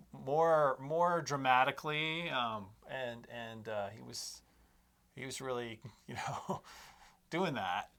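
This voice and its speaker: A man co-hosting a parenting podcast, telling humorous stories in a rambling way that trails off quietly, recorded in a studio. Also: mid-range voice. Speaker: podcast co-host. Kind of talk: casual chat. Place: studio in Colorado.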